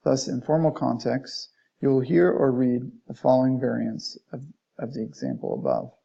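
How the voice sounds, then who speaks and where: A man's voice: medium pitch, lively intonation, moderate pace, gravelly, mellow, husky. A man teaching an Arabic lesson, reading from a textbook, explaining it in plain words and modeling Arabic phrases. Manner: reads passages aloud, then restates them plainly, modeling Arabic phrases. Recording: dull lo-fi recording.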